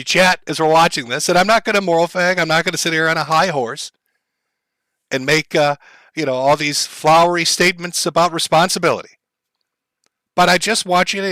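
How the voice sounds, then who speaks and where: A man's voice: fairly high pitch, sharp tone, dry recording. A man commenting on a clip during a live stream, talking bluntly and with a lot of swearing to his chat. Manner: blunt, profane, lecturing aside to chat.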